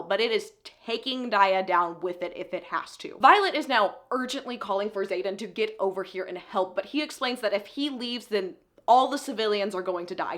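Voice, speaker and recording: A woman's voice: medium pitch, fairly bright tone. Tearful woman retelling a book plot. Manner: emotional, tearful retelling with laughs. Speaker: book reviewer recapping a novel. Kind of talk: casual book recap.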